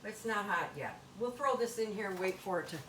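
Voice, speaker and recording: A woman's voice: mid-range voice, fairly quick, very noisy. An older woman hosting a home cooking demonstration in her kitchen, talking in a chatty, folksy Italian-American grandmother way.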